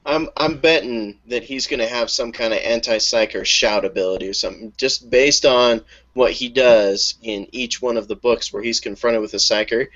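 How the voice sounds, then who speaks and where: A man's voice: mid-range voice, steady tone, moderate pace, a bit bright, dull audio. A man co-hosting a casual webcast, enthusiastically retelling a story and acting out the quotes.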